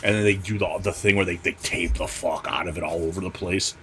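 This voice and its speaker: A man's voice: deep voice, fairly even intonation, fairly quick, pushed and bright, slightly rough. A man hosting a casual comic book unboxing vlog, ranting with constant profanity and sarcasm. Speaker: comic channel host.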